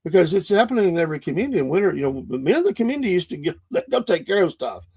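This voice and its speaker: A man's voice: sits high, sing-song, very fast, dark tone, breathy edge. A middle-aged man with a Southern US accent, hosting a podcast as a casual, rambling monologue full of restarts and fillers. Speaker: podcast host.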